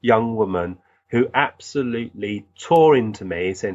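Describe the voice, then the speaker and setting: A man, a guest recounting experiences in an animated, earnest way with many restarts. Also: lowish voice, moderate pace, dull audio. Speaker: guest, physical medium. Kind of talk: storytelling in conversation.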